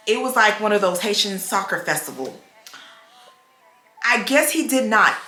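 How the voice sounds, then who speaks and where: A young adult woman, chatting casually on her vlog and acting out the people in her stories. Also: medium pitch. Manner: animated storytelling, acts out quoted voices. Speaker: vlogger. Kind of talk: casual chat. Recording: echoey room.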